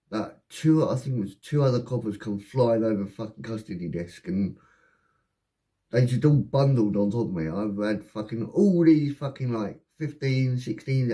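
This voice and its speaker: A man with an English accent, casually telling a rowdy personal story, swearing often and acting out the voices of the people in it. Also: medium pitch. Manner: swearing, rapid and animated anecdote telling with acted-out voices.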